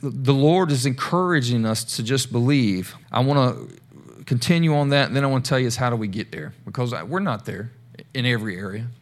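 A man's voice: medium pitch, fairly quick. A male pastor giving a casual, conversational sermon, talking straight to the congregation with chatty asides.

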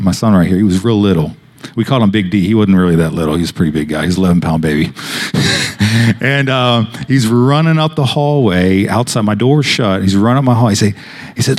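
A man's voice: fairly low pitch, moderate pace, darkish tone. A man preaching a sermon, telling a personal story in a loose, conversational way with many fillers and restarts. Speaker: pastor.

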